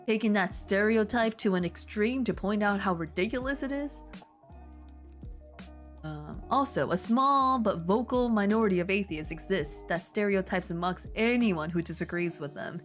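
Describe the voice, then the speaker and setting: A young woman hosting a channel, reading fanfiction aloud and breaking in with sarcastic, incredulous remarks. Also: mid-range voice. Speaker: channel host.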